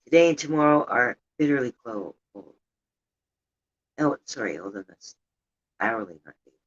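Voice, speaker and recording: A woman's voice: a bass voice, animated, moderate pace, breathy edge. Chatty older woman, dull lo-fi audio. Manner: chatty, rambling, indignant about politics. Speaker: livestream host. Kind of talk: casual chat with viewers. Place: home room with a heater running.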